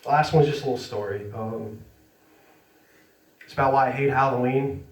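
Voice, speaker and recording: A man's voice: mid-range voice, steady tone, normal speed, distant mic, a little hiss or hum. A man doing a stand-up set in a comedy club. He is self-deprecating, laughs through his lines and keeps checking in with the crowd. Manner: chatty and checks in with the audience. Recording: roomy, from away from the mic.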